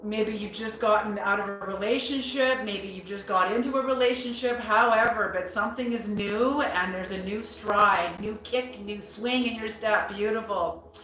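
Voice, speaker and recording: A woman giving a tarot reading in a slow, musing way, repeating her words and bursting into excitement now and then. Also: medium pitch, reverberant, poor audio. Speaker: tarot reader.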